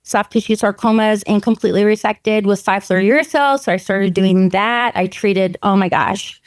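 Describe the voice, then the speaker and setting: Middle-aged woman, lively storyteller with a smooth voice in a dry room. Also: medium pitch, normal speed, no room sound. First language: French. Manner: animated storytelling, laughs often, acts out quoted dialogue. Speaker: veterinary oncologist guest. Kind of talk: casual podcast interview.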